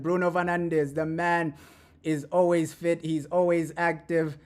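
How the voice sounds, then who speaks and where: A man hosting a fan live stream, reacting to an interview in a loud, animated way and repeating his points often. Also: on the high side, moderate pace. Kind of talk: casual live-stream commentary.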